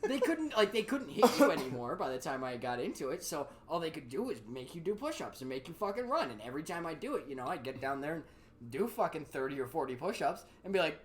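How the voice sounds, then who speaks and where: A man's voice: on the high side, brisk, a little hiss or hum. A man in his thirties hosting a podcast, telling profane stories in casual chat and acting out other people's lines in raised voices. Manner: profane, animated, acts out quotes in raised voices. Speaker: podcast host.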